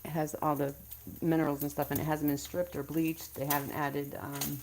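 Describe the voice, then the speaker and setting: A chatty woman with a drawl talks straight to her viewers as she cooks, her voice sitting on the low side. Loud frying sizzles away behind her in the home kitchen. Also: level tone, moderate pace, slight background noise, low-quality recording. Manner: chatty, addresses viewers as y'all. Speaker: cooking vlogger. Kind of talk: casual live cooking chat. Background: sizzling frying food.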